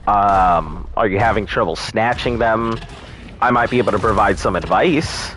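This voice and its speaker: A man's voice: on the low side, normal speed, fairly bright tone, a little hiss or hum. A man streaming a game live, chatting casually with viewers, joking and swearing freely. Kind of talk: casual live-stream chat while gaming.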